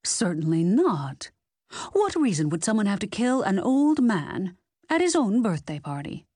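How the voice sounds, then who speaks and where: A woman's voice: medium pitch, sing-song, unhurried, mellow, dry recording, clean studio sound. A woman reading the part of a composed, guarded woman assistant who speaks in a poised manner.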